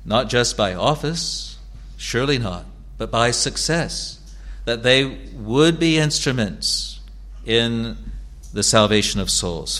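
This male pastor preaches with earnest, measured delivery, echoing key phrases to stress them for his congregation. His mid-range voice is a bit bright, with lively intonation.

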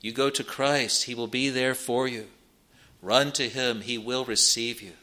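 Male pastor, earnest sermon delivery, bright tone, middle pitch. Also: fairly even intonation, a little slow. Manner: earnest, rises in pitch and volume on scripture quotes. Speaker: preacher.

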